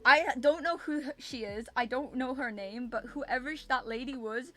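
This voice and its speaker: Young woman streamer, slightly high voice, animated casual storyteller who swears, faint music underneath. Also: moderate pace. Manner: animated, repeats herself, swears freely.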